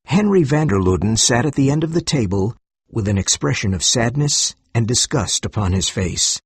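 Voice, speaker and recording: Male narrator, very husky voice, dry close sound, measured reading. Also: medium pitch, expressive, no echo. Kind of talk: scripted story narration for learners.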